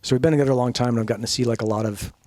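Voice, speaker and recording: A man's voice: medium pitch, fairly even intonation, racing, dark tone, dry recording. A man spins long, profane stories as a podcast guest. His voice sits in a middle range, and he jumps into the voices of the people he quotes. The sound is dry and close. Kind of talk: storytelling.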